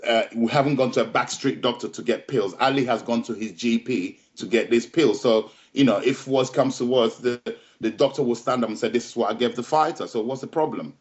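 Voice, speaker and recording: A man's voice: medium pitch, a little fast, few pauses. Emphatic middle-aged man telling a story. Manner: emphatic, repeats and restarts phrases, keeps checking in with "yeah?". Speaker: boxing trainer and interview guest. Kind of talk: conversational storytelling interview. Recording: slightly dull lo-fi audio.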